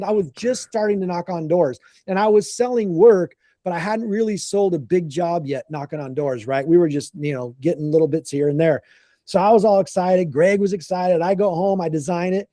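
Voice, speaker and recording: A man tells a casual work story with lots of energy, acting out each quote and tripping over his restarts. His voice sits a bit high but sounds mellow and relaxed. The recording is dry and close. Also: normal speed, dry recording. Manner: animated, acts out quotes, frequent restarts. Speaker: contractor telling a story.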